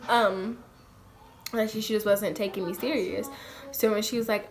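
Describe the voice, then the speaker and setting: A woman's voice: mid-range voice, steady tone, normal speed, faint music behind. A young woman from Colorado telling a personal story to her camera in a casual, chatty way, full of "like" and "um" and acting out what others said. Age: young adult. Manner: chatty, lots of "like" and "um", acts out quoted voices. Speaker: vlogger.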